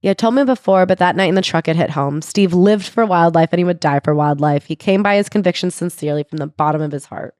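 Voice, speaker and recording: A woman's voice: fairly low pitch, quick pace, few pauses, darkish tone, no room sound, studio quality. Casual chatty woman podcast host. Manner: jokey, laughs often, quotes people in put-on voices. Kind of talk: casual book club chat.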